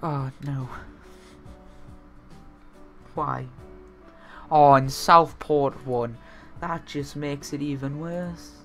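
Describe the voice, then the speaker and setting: Excitable young man narrating a football sim. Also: a little high, drawn-out words, pauses often, soft background music. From north-east England. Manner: excitable, swings from muttering to shouting and laughing. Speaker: gaming video host. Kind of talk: let's-play commentary over a football management game.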